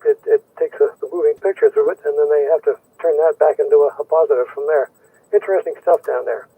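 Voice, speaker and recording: A husky, slightly higher-pitched man calls in to an amateur radio net and rambles through a story. His voice comes through a narrow, tinny radio link. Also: big pitch swings, quick pace, no room sound. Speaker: caller on a ham radio net. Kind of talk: casual radio chat.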